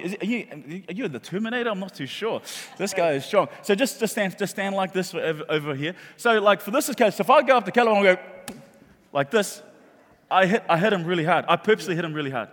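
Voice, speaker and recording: A man preaching a sermon in a church hall, animated and jokey, often repeating his words. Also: high voice. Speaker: pastor. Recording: long hall reverb.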